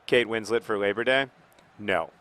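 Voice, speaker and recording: A man in his thirties hosting casual, rambling chat over live gameplay, with restarts and sudden excited outbursts at the game. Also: lowish voice, a little fast, no echo. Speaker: host.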